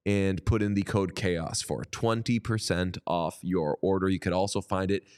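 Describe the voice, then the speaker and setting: A young man co-hosting a casual sports podcast, riffing playfully and reading an ad with bursts of excitement. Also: sits low, moderate pace, clear, resonant tone. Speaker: podcast co-host. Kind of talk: casual chat and ad read.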